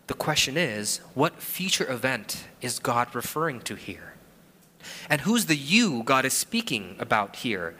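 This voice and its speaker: A man's voice: mid-range voice, big pitch swings, unhurried, sharp tone, big-room sound. A man preaching a sermon, walking through scripture verse by verse and acting out quotes and a family story. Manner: expository preaching with acted-out quotes and personal anecdotes. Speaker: pastor.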